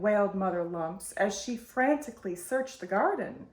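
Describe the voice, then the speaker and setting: A woman hosting storytime, reading a picture book aloud in a slow, expressive way. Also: medium pitch. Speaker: storytime host. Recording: roomy echo.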